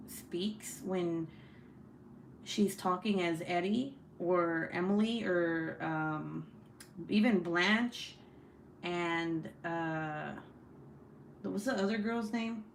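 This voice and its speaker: A woman's voice: on the low side, very slow, pauses often, slight background noise. A young woman hosting a casual book club live stream, chatty and often laughing as she reads viewer comments aloud.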